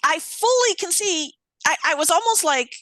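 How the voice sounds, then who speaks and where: A woman telling a story in an animated way, swearing casually and acting out the voices of people she quotes. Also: extremely high pitch, normal speed, no echo. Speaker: guest.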